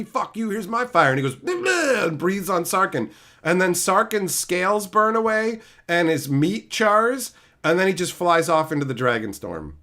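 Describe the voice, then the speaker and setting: A man's voice: fairly high pitch, fairly bright tone. A young man on a livestream, ranting with angry, sarcastic and profane outbursts. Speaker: streamer. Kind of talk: livestream rant.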